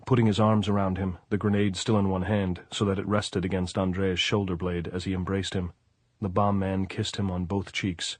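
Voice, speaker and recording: Male audiobook narrator, low, husky, dry close sound, measured. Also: little pitch movement, no echo.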